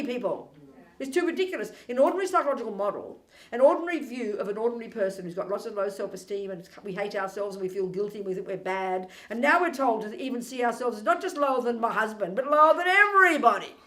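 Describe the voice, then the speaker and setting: A woman's voice: a little high, fast. Lady buddhist teacher, punchy and sarcastic, voice bouncing round a roomy hall. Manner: animated, emphatic, provocative and ironic. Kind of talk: dharma teaching. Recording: echoey room.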